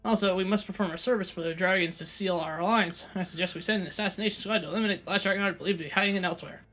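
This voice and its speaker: A man's voice: high voice, rapid-fire, pushed and bright. A man co-hosting a game let's play, trading dry teasing banter and reading in-game documents aloud. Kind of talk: casual gaming commentary and reading aloud.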